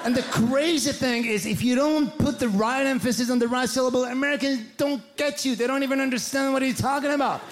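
A man with a French accent performing stand-up comedy, animated and mimicking voices and mispronunciations. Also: very high voice, brisk, hardly any pauses. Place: large theater with live audience. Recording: live stage recording with audience noise.

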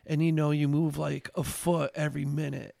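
Animated gravelly-voiced man telling stories. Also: fairly high pitch, normal speed, no echo, studio quality. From Albany, New York area. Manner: animated, rambling with many fillers and restarts. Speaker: songwriter and bandleader, podcast guest. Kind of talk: casual chat, storytelling.

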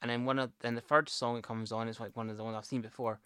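A man's voice: medium pitch, little pitch movement, fast talker, a bit bright, clean tone, no room sound. A man co-hosting a casual podcast, easygoing and agreeable. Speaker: podcast co-host. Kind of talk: casual chat.

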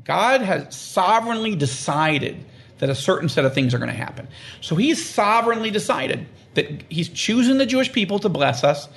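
A man explaining the Bible in an interview, emphatic and animated, acting out quoted voices and repeating phrases for stress. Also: sits high, normal speed, vocal fry. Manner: animated, acts out quoted prayers and God's words. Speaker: guest explaining scripture. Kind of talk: conversational interview.

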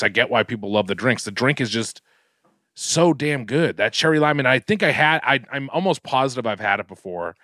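A man hosting a podcast, telling casual stories with lively swearing. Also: medium pitch, dry recording, studio quality. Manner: animated, swearing storyteller. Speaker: podcast host. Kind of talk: casual chat.

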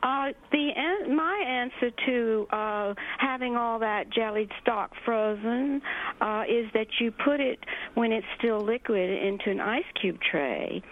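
A woman's voice: a little high, a little slow. Chatty Southern American woman on phone line. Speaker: caller. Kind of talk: phone-in call.

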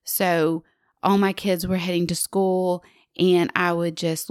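A woman's voice: on the low side, level tone, takes it slowly, clear, resonant tone, no echo, clean studio sound. A woman in her forties gives heartfelt faith teaching as a podcast guest, earnest and intimate, asking the listener questions and sometimes dropping to a whisper. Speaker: guest speaker on a Christian parenting podcast.

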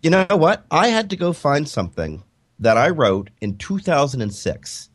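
A man's voice: mid-range voice, normal speed, husky. A man from Canada hosting a web radio show, chatting casually and joking with his guest. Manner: chatty, joking, animated delivery.

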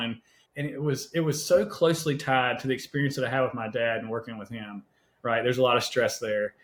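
A man telling personal stories as a podcast guest, animated and conversational, often checking in with "right?". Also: medium pitch, a little fast. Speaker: podcast guest, health coach. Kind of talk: casual storytelling interview. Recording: roomy echo.

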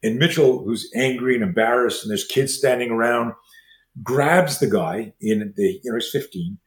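A man in his sixties who teaches martial arts, telling stories as an interview guest and acting out the dialogue in quick, animated bursts. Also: mid-range voice. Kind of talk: storytelling in a conversation. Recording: roomy echo.

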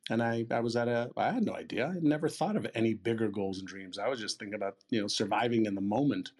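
Man, sixties, husky voice, lively storyteller, voices the dialogue. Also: fairly low pitch, fast. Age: 60s. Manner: lively retelling, acting out quoted dialogue, casual swearing. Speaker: interview guest. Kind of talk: storytelling in a conversation.

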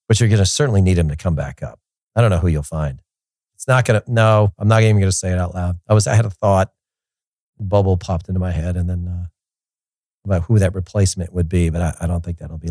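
A man's voice: low-pitched, darkish tone, slightly rough, dry recording, studio quality. A man hosting a soccer talk show, rambling in casual solo commentary with frequent restarts.

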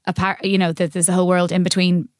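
A woman with an Irish accent hosting a casual interview, chatty and quick to laugh. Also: on the low side, little pitch movement, no room sound, studio quality. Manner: warm, chatty, laughs a lot. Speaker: podcast host.

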